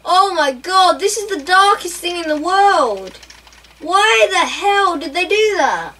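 A woman reacting out loud while playing a racing game, laughing and exclaiming often. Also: extremely high pitch, animated, takes it slowly. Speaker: gameplay streamer. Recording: mic a bit far off, faint room noise.

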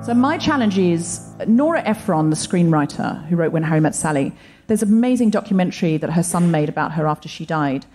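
A woman co-host with a lowish, mellow voice tells earnest, reflective stories on stage. She talks to a live crowd through a stage mic. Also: lively intonation, fairly quick, soft background music. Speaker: co-host comedian. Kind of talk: live podcast stand-up with audience. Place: comedy venue stage before a live audience.

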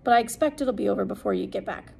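A woman voicing a tired, measured lawyer speaking to his children. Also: medium pitch, creaky, darkish tone, breathy edge. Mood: weary. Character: tired, weary lawyer father, middle-aged man.

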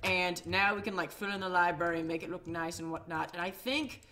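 Young male let's-play host, rambling and excitable, bright and punchy. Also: sits high, brisk, slight background noise. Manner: rambling, excitable, full of fillers. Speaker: gaming YouTuber. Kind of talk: casual Minecraft let's play commentary.

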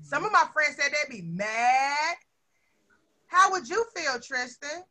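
A woman's voice: sits high, expressive, takes it slowly, bright, forceful tone. A woman teacher leading a lesson with young children, coaxing them along with lots of questions.

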